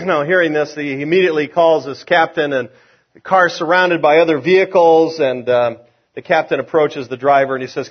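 A man's voice: a little high, steady tone, a little fast. A middle-aged man preaching a sermon in a folksy, conversational way, opening with a joke and chuckling at his own lines. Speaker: pastor. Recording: lo-fi, dull sound.

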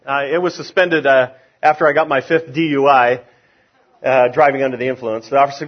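A man's voice: mid-range voice, fairly even intonation, fairly quick, husky. A middle-aged man preaching a sermon in a folksy, conversational way, opening with a joke and chuckling at his own lines. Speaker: pastor. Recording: lo-fi, dull sound.

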